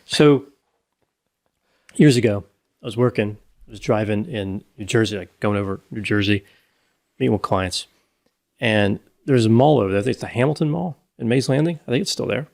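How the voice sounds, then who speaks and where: A man's voice: lowish voice, moderate pace, creaky, a little mellow. A middle-aged man co-hosting a podcast, telling a rambling story in casual chat and correcting himself as he goes. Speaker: podcast co-host.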